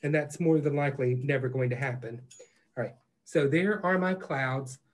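A man teaching a live online painting class, talking in a relaxed, reassuring way with plenty of fillers. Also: medium pitch, moderate pace. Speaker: painting instructor.

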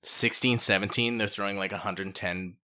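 A man's voice: fairly low pitch, fairly even intonation, moderate pace, bright, forceful tone. A man in casual podcast chat, blunt, laughing and swearing often. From United States.

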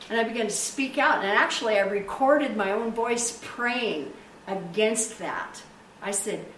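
Woman pastor, emphatic sermon and prayer, drawn-out stresses; roomy, distant recording with faint hiss. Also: medium pitch, fairly bright tone. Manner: emphatic, stretches key words for effect. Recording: echoey room, distant mic, faint hiss.

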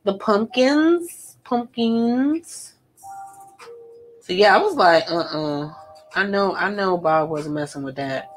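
A woman's voice: deep voice, moderate pace, soft background music. A young woman, chatting and gossiping casually while she paints live, slangy and laughing often. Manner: slangy, laughs a lot, animated storytelling. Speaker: art vlogger painting live.

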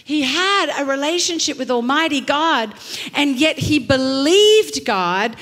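A middle-aged woman pastor preaching a sermon, telling stories with lively acted quotes and emphatic repetition. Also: high-pitched, unhurried. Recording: long hall reverb.

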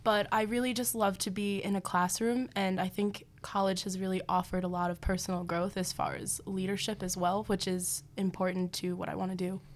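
A young woman, a student guest who speaks clearly, sincerely and fluently. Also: medium pitch, little pitch movement, fairly quick, hardly any pauses. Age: young adult. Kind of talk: casual interview chat.

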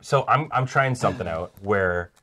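A man's voice: on the low side, expressive, normal speed, sharp tone, slight background noise. A man streaming a board game with friends, chatting casually and laughing often. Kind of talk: casual chat.

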